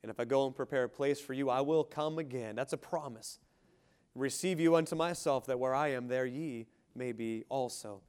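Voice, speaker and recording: A man preaching a sermon with fervor, calling for amens, swinging from rising shouts to quiet, slowed lines. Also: mid-range voice, clean tone. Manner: fervent preaching, rising shouts and quiet drops, asks congregation for amen. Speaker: pastor.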